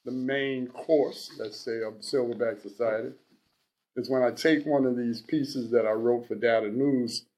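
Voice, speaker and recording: A man in his sixties hosting a radio show, talking in an unhurried, halting way with frequent restarts. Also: medium pitch, steady tone, darkish tone. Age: 60s. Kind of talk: casual radio talk.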